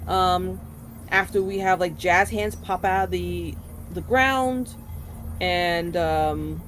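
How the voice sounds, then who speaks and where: A woman's voice: lowish voice, takes it slowly, a bit bright, faint music behind. A woman with a New Jersey accent, leading a game group over voice chat and chatting with lots of fillers. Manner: chatty, explains with many fillers. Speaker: group leader. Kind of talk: casual voice chat during a game stream.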